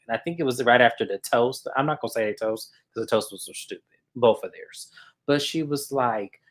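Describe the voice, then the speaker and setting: Animated woman recapping reality TV. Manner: animated, acts out quotes with big pitch jumps. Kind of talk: casual recap commentary.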